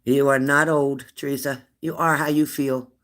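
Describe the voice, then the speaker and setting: Bright-voiced chatty woman in her fifties. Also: very deep voice, flat delivery, moderate pace. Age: 50s. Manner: chatty and affectionate, laughs often, answers comments aloud. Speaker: livestream host of a spirit-messages channel. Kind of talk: casual live-stream chat reading viewer comments.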